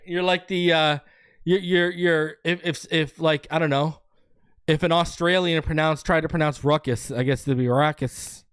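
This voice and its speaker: A man hosting a sports show, chatting casually on a live stream, loose and jokey, rambling through shout-outs and a sponsor read. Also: medium pitch, clean tone.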